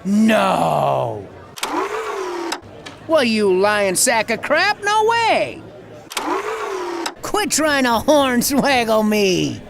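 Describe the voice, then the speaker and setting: Bombastic Southern country promoter, folksy bluster, over a noisy game track. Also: male voice, high voice, lively intonation, measured pace. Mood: boastful. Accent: American Southern. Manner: bombastic, folksy, swinging from ranting to sheepish. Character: blustering Southern good-old-boy promoter, middle-aged man. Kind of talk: video game voice acting.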